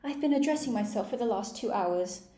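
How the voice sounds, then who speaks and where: A woman's voice: on the high side, expressive, a little fast, dark tone, pitched above the performer's own voice, close to an everyday voice. A woman reading aloud and voicing a flustered, scatterbrained queen, melancholy and helpless, in a roomy space. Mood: fretful. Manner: melancholy, helpless, then shrieking.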